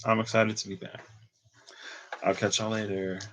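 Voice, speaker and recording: A man's voice: fairly low pitch, little pitch movement, moderate pace, a bit bright, a little hiss or hum. A man giving a casual tarot reading to camera. He thinks aloud in a rambling, laid-back way, full of "like" and restarts. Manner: laid-back, laughs at himself. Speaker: tarot reader.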